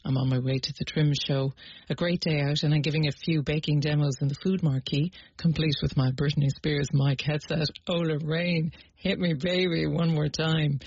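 Chatty Irish male radio presenter, gravelly. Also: on the high side, a little mellow, no echo. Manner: chatty, brisk, reading out texts and headlines. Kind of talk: casual radio show presenting. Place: radio studio. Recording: muffled lo-fi broadcast sound.

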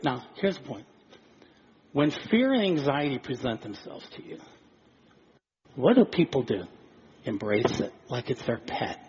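A male pastor preaching a sermon, animated and acting out little scenes of dialogue. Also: mid-range voice, moderate pace. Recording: dull lo-fi recording with faint noise.

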